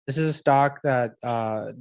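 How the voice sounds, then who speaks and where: A man's voice: mid-range voice, a little slow, vocal fry, clean tone, dry recording. A man hosting a live trading webinar, reading out viewer questions in a casual way full of fillers. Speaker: webinar host.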